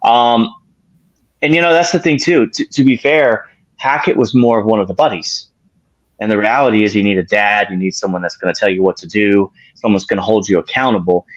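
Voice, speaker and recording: A man's voice: lowish voice, a little fast, no echo, dull audio. A man who is a guest on a casual sports talk show, talking away from the mic and rambling with fillers and self-corrections.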